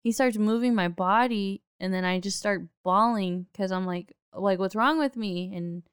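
Woman, mid-pitched, smooth voice, animated anecdote teller, dry close sound. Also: moderate pace, dry recording. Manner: animated storytelling with frequent laughter. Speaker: storyteller in a casual conversation. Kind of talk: casual chat.

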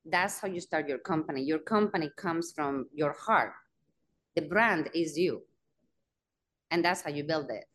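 A woman's voice: low voice, lively intonation, measured pace, fairly bright tone, slight background noise. A woman talking as a guest in an interview, telling a personal story with animation and acting out the quoted dialogue. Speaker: guest, real estate company founder.

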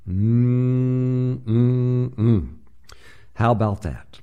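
A man's voice: mid-range voice, expressive, moderate pace, a little mellow. A man preaching a sermon, telling a story with many filler uhs and acting out the voices he quotes.

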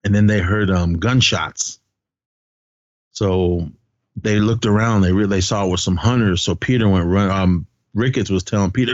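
Man, podcast host, rambling movie recap, low voice, dry dull lo-fi sound. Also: no room sound. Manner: rambling, halting retelling with fillers. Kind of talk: casual film recap.

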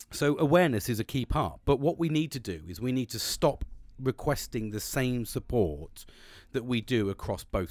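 A man's voice: mid-range voice, dry recording. Brief: young male podcast host, blunt and profane, earnest, dry close sound. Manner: blunt, heavy swearing, earnest, frequent restarts. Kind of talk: casual monologue.

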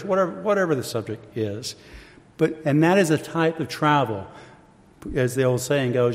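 A man's voice: fairly high pitch, animated. Reflective man preaching in a reverberant hall. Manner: measured, reflective, conversational with asides. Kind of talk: sermon. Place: church hall.

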